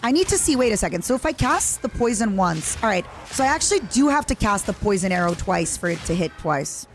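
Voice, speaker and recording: A young woman with an Eastern European accent talks through a live game stream. Her voice swoops up and down as she reacts excitably to the action and chats with viewers. Faint music plays underneath. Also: mid-range voice, a little fast. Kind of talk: live gaming stream chat.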